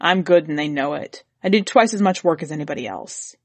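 A woman's voice: deep voice, animated, brisk, no room sound, pitched below the performer's own voice. A woman putting on a sour, scornful husband. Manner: gloomy, scornful, complaining. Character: grumbling middle-aged husband, sour and contemptuous.

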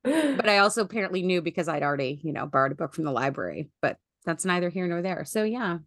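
A woman's voice: fairly low pitch, big pitch swings, fast, no echo, studio quality. A woman co-hosting a podcast in casual chat, chatty and often laughing as she tells a story. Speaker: podcast co-host.

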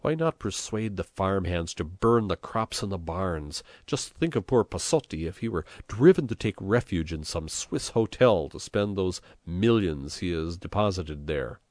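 A man's voice: sits low, lively intonation, a little slow, hardly any pauses, darkish tone, no echo. A man reading an audiobook, voicing a shrewd, combative village priest who mocks his rival with dry sarcasm. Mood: sarcastic. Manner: mocking, sardonic.

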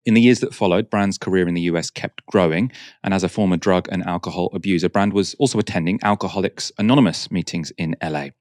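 Deep, dry-voiced male documentary narrator. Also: quick pace, a little mellow, no echo.

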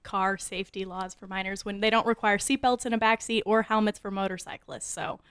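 A woman's voice: medium pitch, steady tone, fairly quick, fairly bright tone, clear, resonant tone, dry recording. A woman joking bluntly in a casual podcast chat. Her voice is recorded dry and close, with no room sound.

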